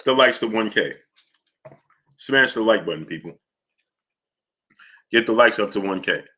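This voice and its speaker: With a fairly low, expressive voice that's a little slow and sharp in tone, a man hosts a boxing live stream. His commentary is casual as he argues with chat, repeats himself and names individual viewers.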